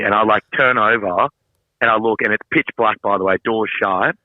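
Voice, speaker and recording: A young Australian man on a phone call, telling a story in an animated way, laughing and swearing freely. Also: fairly low pitch, moderate pace, no room sound. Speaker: podcast co-host calling in. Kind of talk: casual storytelling.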